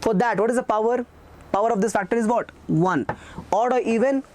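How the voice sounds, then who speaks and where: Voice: medium pitch, a little fast, darkish tone, slight background noise. A teacher giving a recorded math lecture, repeating key phrases and asking questions that they answer themselves. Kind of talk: recorded exam-prep lecture.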